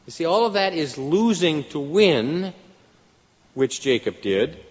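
A man's voice: fairly high pitch, very animated, takes it slowly. A man preaching a sermon in an earnest style, his voice rising for emphasis. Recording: dull lo-fi sound with long hall reverb.

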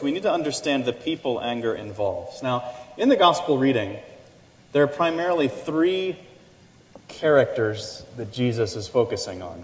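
A man's voice: mid-range voice, a little mellow, in a large hall, highs cut off. A middle-aged man preaching a sermon in a conversational way, often restarting and adding asides. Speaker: pastor.

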